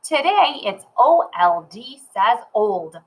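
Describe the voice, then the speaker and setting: Slow sing-song woman teaching phonics. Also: fairly high pitch, big pitch swings, poor audio. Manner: cheerful, slow and sing-song, talks to the child. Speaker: reading teacher. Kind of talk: children's phonics lesson.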